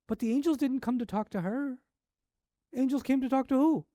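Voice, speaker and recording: A man's voice: very high voice, very animated, moderate pace, long pauses, mellow, no echo, clean studio sound. A man teaching a Quran lecture, telling stories with animation and asking many rhetorical questions. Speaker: Islamic teacher.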